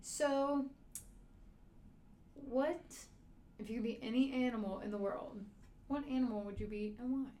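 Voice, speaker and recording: A woman's voice: a little high, steady tone, unhurried, pauses often, mellow, slight background noise. A young woman co-hosting a casual podcast, teasing and playful. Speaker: podcast co-host. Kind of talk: casual chat.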